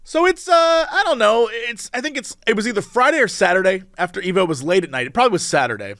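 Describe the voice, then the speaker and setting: A high-pitched man co-hosting a podcast tells stories at a quick pace in casual, laughter-filled chat, an animated storyteller who laughs a lot. The sound is studio quality with no echo.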